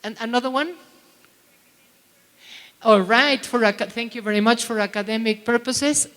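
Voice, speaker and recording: A woman's voice: a little high, moderate pace, a bit bright. A middle-aged woman giving a conference talk to teachers, chatty and quizzing the audience. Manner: chatty, asks the audience questions. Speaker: plenary speaker at a teachers' conference. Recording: long hall reverb.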